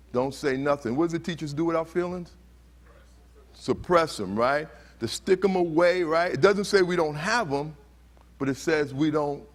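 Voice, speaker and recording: A man giving a motivational talk at a conference. He asks the audience questions and acts out heated quotes. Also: a little high. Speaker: conference speaker. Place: conference hall.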